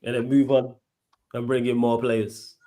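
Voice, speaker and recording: A man co-hosting a casual football chat, relaxed and full of slang. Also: medium pitch, a little slow. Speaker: podcast co-host.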